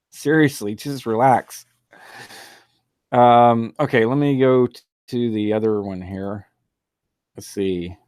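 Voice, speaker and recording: A man's voice: medium pitch, fairly even intonation, slow pace, long pauses, darkish tone, smooth, no room sound, clean studio sound. Exasperated, laughing talk show host man. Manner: laughs often, exasperated and mocking; loose and rambling, with many fillers. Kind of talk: casual monologue.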